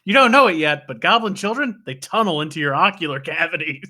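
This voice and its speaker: A man's voice: a little high, animated, fast, sharp tone. A man co-hosting a casual book podcast, chatting enthusiastically and cracking jokes. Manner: enthusiastic, jokey. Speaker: podcast co-host. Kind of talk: casual book-club chat.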